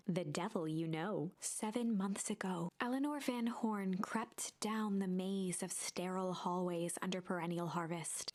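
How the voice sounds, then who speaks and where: A woman reading a story game's narration aloud to her viewers. She goes hushed and breathy in the tense stretches. Her voice sits at an ordinary middle pitch. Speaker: streamer reading a story game.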